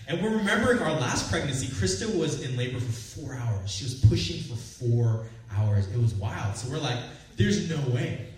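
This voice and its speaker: A young man, a pastor, telling a personal story in a sermon with lively build-ups. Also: mid-range voice, moderate pace, few pauses. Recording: echoey room from far off.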